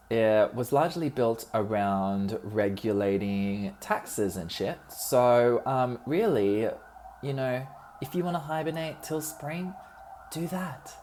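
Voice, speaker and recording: Very low-voiced woman, cheeky podcast host. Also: darkish tone. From Australia. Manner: chatty, cheeky, swears freely, many ums. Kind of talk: casual solo podcast chat. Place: friend's apartment.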